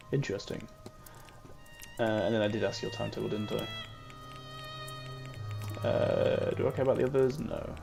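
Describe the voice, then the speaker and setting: A man's voice: fairly low pitch, steady tone, normal speed, vocal fry, long pauses, a little mellow, soft background music. A man in casual game commentary, musing aloud and muttering to himself as he plays. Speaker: gamer.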